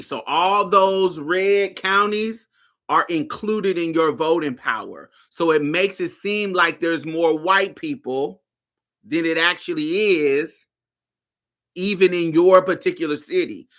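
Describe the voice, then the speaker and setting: A man's voice: fairly high pitch, sharp tone. A man from Indianapolis hosting a show, talking loosely and profanely and keeping checking that listeners are following. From Indianapolis, USA. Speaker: podcast host. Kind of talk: casual livestream commentary.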